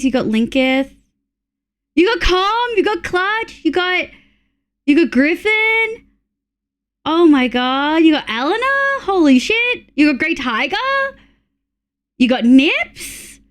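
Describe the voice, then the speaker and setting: With a high voice and an Australian accent, a young adult female streamer chats casually and excitedly during a live stream, thanking her viewers and swearing as she goes.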